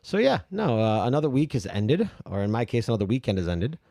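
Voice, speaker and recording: Lively easygoing male podcast host. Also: fairly quick, vocal fry, no echo, studio quality. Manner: laughing, easygoing, bouncy pitch. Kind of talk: casual podcast chat.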